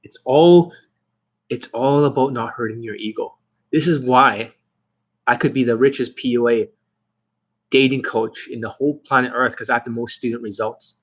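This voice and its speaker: Husky, profane male dating coach. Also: mid-range voice, moderate pace. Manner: aggressive, profane, confrontational. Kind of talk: profane livestream rant.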